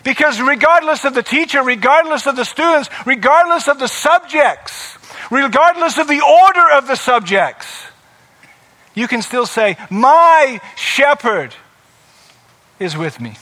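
A middle-aged man preaching a sermon in a high, bright voice. He is earnest and asks his listeners rhetorical questions. He leans on repeated phrases to drive each point home. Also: expressive, moderate pace. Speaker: pastor.

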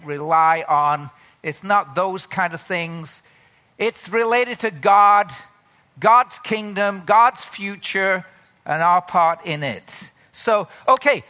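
A male pastor preaching a sermon slowly, repeating phrases and rising into loud, dramatic cries when voicing prayers. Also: high voice.

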